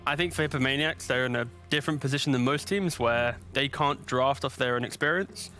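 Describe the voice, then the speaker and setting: A man's voice: mid-range voice, brisk, sharp tone, soft background music. A man with a British accent casting a live esports match, joking with co-casters and then laying out fluent draft analysis.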